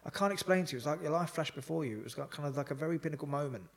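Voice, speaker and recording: A man, a psychotherapist guest telling a lively story in a casual interview. He swears and laughs as he talks. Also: on the high side, rapid-fire, vocal fry.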